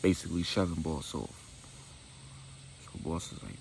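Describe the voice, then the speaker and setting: A man's voice: low-pitched, normal speed, creaky, long pauses, a little hiss or hum, poor audio. A man casually retelling a story, loose and profane, with a lot of "like". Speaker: storyteller recapping a series.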